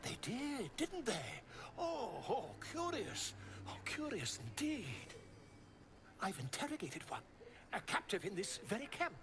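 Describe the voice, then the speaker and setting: A man's voice: extremely high pitch, very animated, measured pace, exaggerated voice. An actor playing an eager, scholarly male adventurer in a video game who is curious and delighted by scandal. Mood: intrigued. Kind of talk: video game character dialogue.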